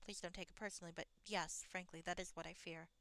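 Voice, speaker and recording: A solemn female priestess, read aloud by a woman streamer, pleads in formal, earnest speech. The voice is slightly low and bright with a firm edge. It sounds like dialogue read aloud from a game. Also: fairly even intonation, quick pace.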